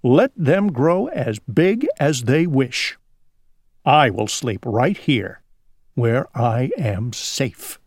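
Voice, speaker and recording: A man voicing a fussy, easily flustered male owl in a storybook, jumping high when alarmed. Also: big pitch swings, extremely slow, darkish tone, no room sound, clean studio sound, exaggerated voice. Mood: musing. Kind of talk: storybook character voice.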